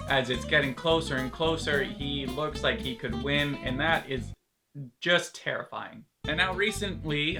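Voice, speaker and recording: A man from Canada, ranting jokingly to camera as a YouTuber, sarcastic and casually swearing. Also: fairly high pitch. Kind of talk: comedic vlog rant.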